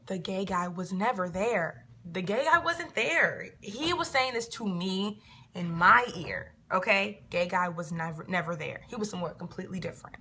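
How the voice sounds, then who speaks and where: A woman's voice: medium pitch, expressive, moderate pace, bright, forceful tone, slight background noise. A woman in a casual to-camera vlog, a reality show cast member answering viewers in an emphatic, repetitive way. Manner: emphatic and repetitive, filling gaps with "da da da".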